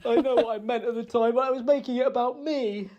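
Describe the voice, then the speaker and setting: Halting, self-reproaching man apologizing. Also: very high-pitched, steady tone, highs cut off. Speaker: man in a played apology message. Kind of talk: emotional personal apology.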